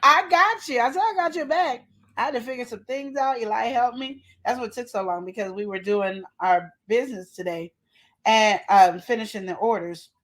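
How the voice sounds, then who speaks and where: A woman's voice: on the high side, moderate pace, a bit bright. A woman hosting a casual live show, chatting and teasing as she talks straight to her viewers. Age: adult with a child. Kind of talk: casual live-stream chat.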